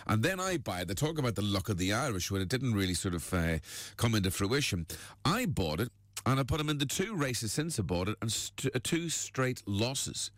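A male breakfast radio host, telling tall tales with deadpan punchlines in a studio. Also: lowish voice, fairly quick, no room sound. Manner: lively storyteller, deadpan punchlines. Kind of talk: joke-telling radio banter.

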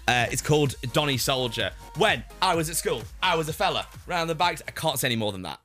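A man's voice: fairly high pitch, lively intonation, quick pace, pushed and bright. A young man hosts a casual podcast, playful and teasing his co-hosts. His voice rises and falls a lot as he jokes around, and music plays faintly behind him. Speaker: podcast host. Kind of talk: casual chat.

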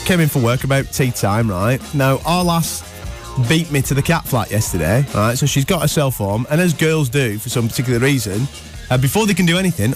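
A man's voice: medium pitch, lively intonation, a little fast, faint music behind. A man hosting a breakfast radio show, telling jokey stories in casual banter. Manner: chatty, jokey storyteller. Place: radio studio.

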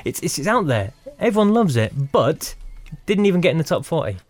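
A man's voice: a little high, big pitch swings, fairly quick, no room sound. A man hosting a radio show, keeping the chat moving with dry replies. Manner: dry, steers the conversation on. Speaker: radio host. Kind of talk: casual chat.

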